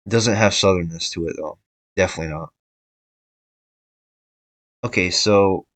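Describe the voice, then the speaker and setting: A man's voice: low-pitched, moderate pace, pauses often, a bit bright, dry recording, rough recording. A young man giving casual tier-list commentary, thinking aloud with fillers and restarts. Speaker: video creator ranking states.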